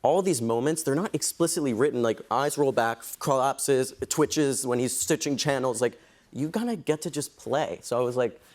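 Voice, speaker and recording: A young man as a talk-show guest, telling excitable, fast anecdotes full of "like" in a TV studio. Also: medium pitch. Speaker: actor guest. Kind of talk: animated talk-show storytelling. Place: TV studio with audience.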